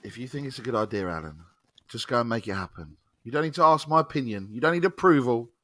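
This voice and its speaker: A man's voice: mid-range voice, lively intonation, quick pace, fairly bright tone, dry recording, clean studio sound. A man with an English accent co-hosting a casual football fan show, teasing his co-host and getting worked up. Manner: teasing, bantering, gets worked up. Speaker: podcast co-host. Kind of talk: casual chat.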